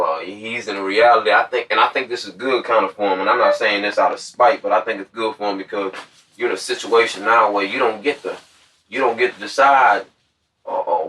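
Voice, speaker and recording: A man in his twenties casually telling a story about his past, animated and acting out what others said. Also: lowish voice. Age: 20s. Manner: animated storyteller who acts out quoted voices. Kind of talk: casual chat. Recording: distant from the mic.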